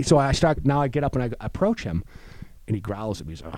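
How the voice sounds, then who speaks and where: A man's voice: on the low side, fairly quick, no echo. A man in recovery, telling a story in casual chat and acting out the voices of the people in it. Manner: animated storyteller, acts out voices. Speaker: guest in recovery.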